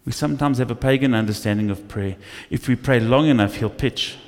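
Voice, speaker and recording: A male pastor preaching a sermon, telling stories with lively acted asides in a church. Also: mid-range voice, a little fast. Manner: animated storytelling with acted asides. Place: church hall. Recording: echoey church hall.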